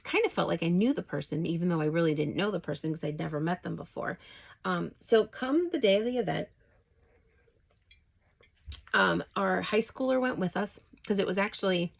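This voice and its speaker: This middle-aged woman, a Christian faith vlogger, has a lowish, gravelly voice on a low-quality recording. She chats casually through a personal story, full of fillers, growing excited as she retells greetings, and turns it into a devotional message.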